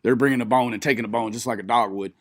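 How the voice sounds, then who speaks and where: Here a streamer races through crude, mocking remarks about a live video, laughing frequently throughout. His medium-pitched voice holds a steady tone, and the studio-quality audio has no room sound.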